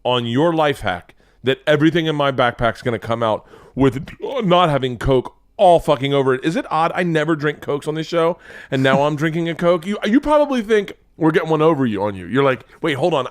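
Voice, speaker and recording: A man hosting a show, giving sarcastic, profane running commentary on videos in an animated way. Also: a little high, brisk, clean tone, dry recording, clean studio sound. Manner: animated, sarcastic, swears a lot. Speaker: show host.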